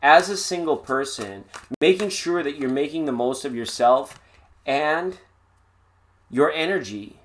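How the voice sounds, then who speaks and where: A man's voice: a little high, expressive, measured pace, a little hiss or hum. A man doing a live-stream tarot reading in a chatty, playful way with sing-song asides. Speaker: tarot reader.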